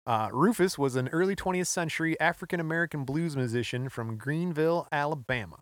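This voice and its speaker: A man's voice: on the high side, fairly quick, dry recording. A man co-hosting a podcast, retelling a story in an offhand, joking way. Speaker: podcast co-host. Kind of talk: casual chat.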